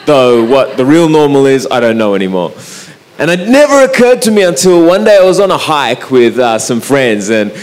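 A man with an Australian accent, giving a talk to an audience in a relaxed, anecdotal way at a microphone. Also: mid-range voice, moderate pace. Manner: relaxed, anecdotal, with frequent "uh" and restarts. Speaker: speaker.

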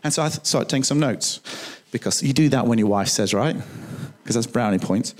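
A male pastor preaching a sermon in a church, chatty and animated, with humorous asides to the congregation. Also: mid-range voice, brisk.

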